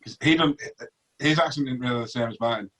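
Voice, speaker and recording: A man's voice: mid-range voice, fairly quick, a bit bright. Casual man asking teasing questions. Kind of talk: casual chat.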